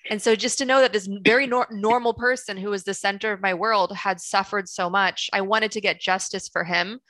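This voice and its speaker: A woman's voice: medium pitch, steady tone, brisk, fairly bright tone, no echo, low-quality recording. An American woman, a screenwriter, speaking passionately on a video call, often restarting her sentences. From United States. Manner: passionate, storytelling with many restarts. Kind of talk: webinar talk.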